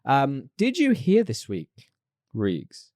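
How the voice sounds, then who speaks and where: A man co-hosting a podcast in casual chat, animated and laughing often. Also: medium pitch, takes it slowly, no room sound, studio quality. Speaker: podcast co-host.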